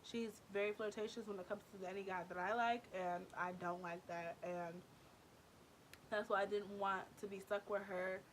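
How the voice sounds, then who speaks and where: Young woman vlogger, mid-pitched voice, emphatic and animated storyteller. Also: normal speed, a little hiss or hum. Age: 20s. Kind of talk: storytime vlog.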